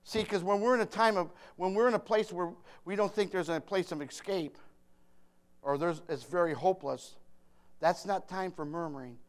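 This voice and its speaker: High-voiced man preaching with loud bursts. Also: normal speed. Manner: emphatic, swinging from quiet to shouting, joking with the congregation. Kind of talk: sermon.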